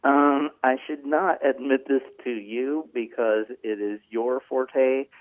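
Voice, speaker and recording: A man's voice: mid-range voice, fairly even intonation, slow, dry recording. Man on a tinny phone line. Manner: earnest, rambling with many ums. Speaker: executive producer guest. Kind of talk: casual interview talk.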